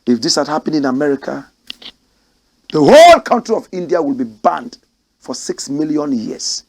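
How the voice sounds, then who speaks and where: A man's voice: on the high side, big pitch swings, normal speed, a little mellow. A man who hosts a commentary show, reading news reports aloud and breaking into emotional, ranting remarks. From Ghana. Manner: emotional, rants and exclaims between read passages.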